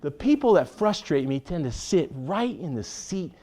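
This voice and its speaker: A man preaches to his congregation in a voice that sits a little high and swings widely. He teases the crowd and acts out the people in his stories. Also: moderate pace. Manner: animated, playful with the congregation, acts out quoted voices. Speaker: pastor teaching a church session. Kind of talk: sermon.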